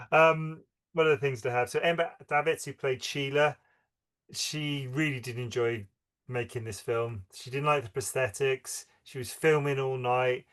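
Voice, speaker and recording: A man chats casually on a film podcast. He retells scenes he loved and laughs as he goes. His voice sits at an ordinary middle pitch. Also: steady tone, unhurried, fairly bright tone, clear, resonant tone. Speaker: podcast co-host.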